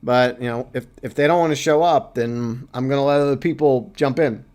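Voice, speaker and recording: A man's voice: mid-range voice, fairly even intonation, fairly quick, a little mellow. A man hosting a casual livestream, chatting loosely and reading out viewer comments. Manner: chatty, reads chat aloud, playful asides. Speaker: livestream host.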